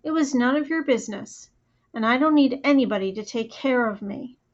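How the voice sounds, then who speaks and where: A woman's voice: fairly high pitch, natural voice. A woman reading as an earnest young schoolboy. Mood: indignant. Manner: earnest, halting at times. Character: defensive then apologetic schoolboy friend. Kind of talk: audiobook character voice. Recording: dull lo-fi audio.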